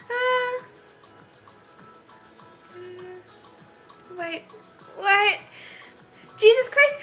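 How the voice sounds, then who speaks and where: High bright-voiced young woman streaming. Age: 20s. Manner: flustered, self-interrupting, quick to laugh. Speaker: livestreamer. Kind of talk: casual livestream chat.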